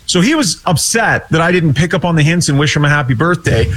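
A man's voice: on the high side, animated, fast, a bit bright. A man telling an exasperated, rambling story in casual chat over a video call. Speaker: hockey podcast co-host and weekly guest.

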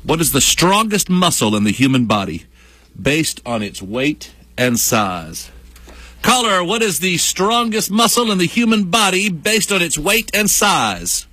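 A man's voice: a little high, big pitch swings, unhurried, pushed and bright, no echo. A man hosting a morning radio show, chatty and playful, joking with his co-host in the studio. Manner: chatty, playful, repeats himself for laughs. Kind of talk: jokey morning radio banter. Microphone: studio microphone.

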